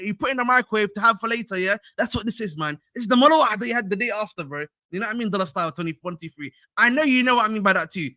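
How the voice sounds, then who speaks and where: Young man, excitable livestream host, high voice. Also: dry recording, studio quality. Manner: slangy, excitable, chatty with chat. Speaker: fan channel livestreamer. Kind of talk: casual livestream chat.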